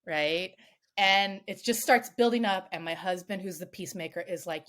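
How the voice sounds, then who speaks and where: Give me a woman guest with a somewhat low voice, telling a story animatedly and swearing freely. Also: normal speed, fairly bright tone. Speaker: podcast guest, self-defense coach. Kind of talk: casual storytelling.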